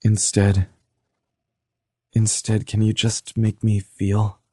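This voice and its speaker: A man voicing a shaken young woman in an audiobook, speaking earnestly and softly. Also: on the low side, monotone, slow, dry recording, clean studio sound, voice pushed up. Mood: shaken, tender. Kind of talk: audiobook character voice.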